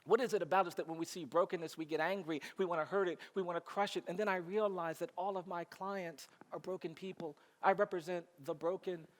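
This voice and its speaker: A man with a fairly high voice tells a story to a large audience from a conference stage. He speaks in slow, repeated phrases and builds to a rousing finish. His voice carries a long reverb through a big hall. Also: steady tone. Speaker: keynote speaker. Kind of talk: storytelling speech.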